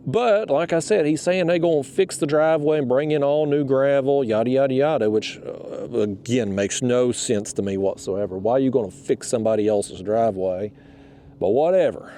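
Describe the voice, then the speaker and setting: A man in middle age talks outdoors on the water, his voice dark and mellow with a gravelly rasp. He tells a story in a loose, fired-up way, his pitch leaping around. A faint hiss sits under the camera mic. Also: moderate pace. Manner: rambling, fired-up, swears freely. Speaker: fishing vlogger.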